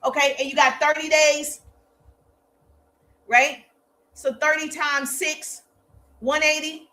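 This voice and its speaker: A woman's voice: high voice, level tone, takes it slowly, sharp tone. A woman marketing coach giving an emphatic, playfully sarcastic motivational lesson. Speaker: social media marketing coach. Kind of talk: live motivational teaching talk.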